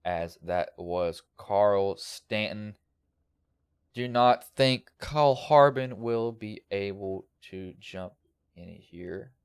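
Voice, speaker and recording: A man's voice: fairly low pitch, slow, clean tone, no room sound, clean studio sound. A male sim racing broadcaster with a slight country lilt, giving a casual, rambling post-race recap over a headset.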